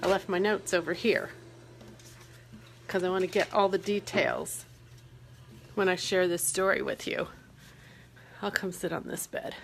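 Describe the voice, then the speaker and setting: A woman's voice: on the low side, measured pace, vocal fry, pauses often, slight background noise. A woman talking casually to her phone camera in a hotel room, telling a story in a chatty way. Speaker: vlogger.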